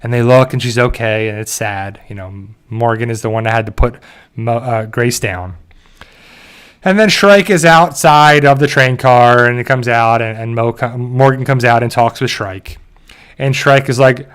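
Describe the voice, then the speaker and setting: A man's voice: mid-range voice, normal speed, a bit bright, smooth. A man hosting a show, animatedly recapping a TV episode in casual talk and briefly mimicking the characters. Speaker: show host.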